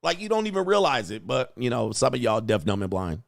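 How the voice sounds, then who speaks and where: A man's voice: medium pitch, very animated, brisk, creaky, no room sound, studio quality. A man hosting a livestream as a coach, talking in a blunt, emphatic, profane way and reading out chat.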